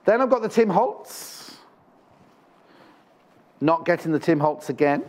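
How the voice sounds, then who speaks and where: Chatty man presenting shopping TV, higher voice. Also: expressive, measured pace. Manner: chatty, jokey, teasing asides. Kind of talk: live TV sales chat. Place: TV studio.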